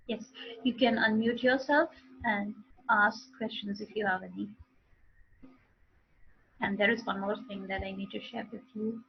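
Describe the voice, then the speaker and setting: A woman's voice: medium pitch, fairly even intonation, measured pace, vocal fry, pauses often, highs cut off, a little hiss or hum. A woman teaching a live online English speaking class, explaining with repeated and restarted phrases.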